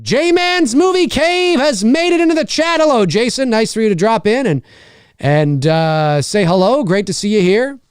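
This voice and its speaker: Animated, foul-mouthed man riffing on a movie. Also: clean tone, no echo, studio quality. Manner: animated, swears freely, quick pitch jumps. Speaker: movie commentary host. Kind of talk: live movie commentary to chat.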